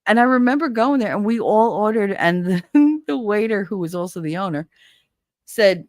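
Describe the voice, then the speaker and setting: A woman's voice: medium pitch, expressive, normal speed, dry recording, studio quality. A middle-aged woman, chatting casually with viewers and telling stories with swearing and laughs. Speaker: livestream host.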